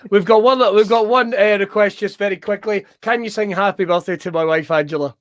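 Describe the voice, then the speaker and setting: A man hosting a comedic wrestling show, excitable, sweary and full of jokes. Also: sits high, a little fast, no echo. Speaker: show host.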